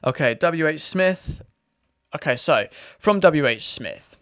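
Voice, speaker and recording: A British man chatting casually as a video host, rambling and restarting his sentences. His voice sits a little high for a man, recorded close and dry with no room sound. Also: lively intonation, takes it slowly, a bit bright, clean tone, no echo. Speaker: YouTube host. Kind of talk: casual commentary.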